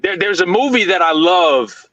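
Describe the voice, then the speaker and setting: A man's voice: high-pitched, animated, normal speed, muffled recording, crowd noise. A man hosting a casual, crude, joking group chat over a voice call. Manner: loose, joking, crude banter. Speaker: podcast host.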